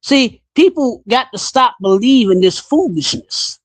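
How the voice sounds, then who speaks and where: A man hosting a casual podcast chat, talking bluntly and in an animated way, his pitch jumping up when he gets riled. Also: a little slow, dry recording. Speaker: podcast host.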